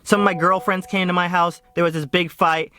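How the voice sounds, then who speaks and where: A man's voice: sits high, little pitch movement, fairly quick, sharp tone. A man voicing a flaky young woman who is whining out an apology in a vlog skit. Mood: apologetic.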